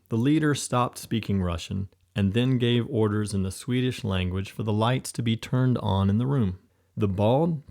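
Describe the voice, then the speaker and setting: A man with a fairly low voice narrating an adventure audiobook. He reads in a steady storytelling manner. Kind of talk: scripted narration.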